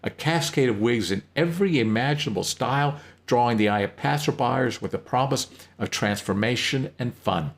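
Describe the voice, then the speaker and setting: A man narrating a story in an unhurried reading, with occasional slips. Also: mid-range voice.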